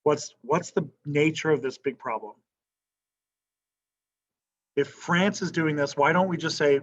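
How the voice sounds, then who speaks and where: A man's voice: fairly high pitch, expressive, measured pace, long pauses, fairly bright tone, highs cut off. A male history teacher lecturing a class in a casual, conversational way, often checking in with "right?" and asking questions.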